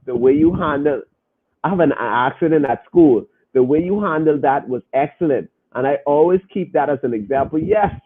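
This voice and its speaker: Husky man on a tinny phone line. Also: a little high, normal speed. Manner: emphatic, repeats and restarts phrases. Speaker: podcast host. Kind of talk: casual podcast talk to listeners.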